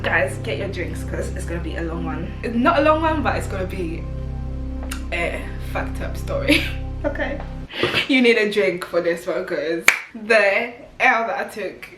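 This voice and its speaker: A young British woman, telling a storytime vlog in an animated, slangy, swearing manner. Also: mid-range voice, a little slow, over music. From Britain. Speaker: vlogger. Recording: roomy echo.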